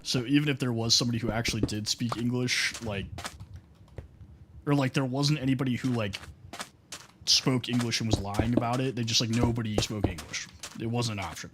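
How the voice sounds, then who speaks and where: A man's voice: medium pitch, brisk, noisy background. Chatty American guy telling stories. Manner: loose storytelling full of "like" and "bro". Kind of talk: casual chat while gaming.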